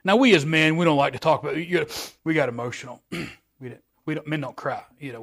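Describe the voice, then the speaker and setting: A man preaching a sermon in a folksy, repetitive way that swells louder at the high points. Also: fast talker, gravelly.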